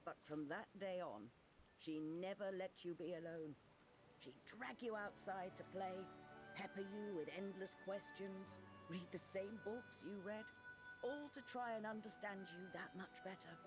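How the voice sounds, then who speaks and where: An actor playing a loving, proud middle-aged father in a game cutscene, speaking gently and from the heart. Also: high-pitched, a little slow, music in the background. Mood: tender.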